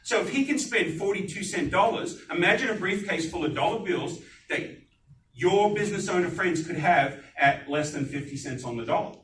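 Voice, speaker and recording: A man giving a live sales pitch at a business networking meeting, animated and putting questions to the audience. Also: moderate pace, a little hiss or hum. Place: meeting room. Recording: echoey room, distant mic.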